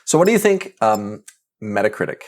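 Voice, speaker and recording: A man co-hosting a casual podcast, easygoing and quick to laugh as he asks for ratings. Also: lowish voice, sing-song. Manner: easygoing, laughs often, leads the segments. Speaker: podcast co-host asking for ratings. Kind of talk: casual chat.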